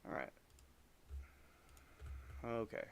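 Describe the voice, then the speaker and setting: A man chatting casually on a gaming livestream from home, rambling with halting restarts as he talks over his game. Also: a little hiss or hum. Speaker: live streamer.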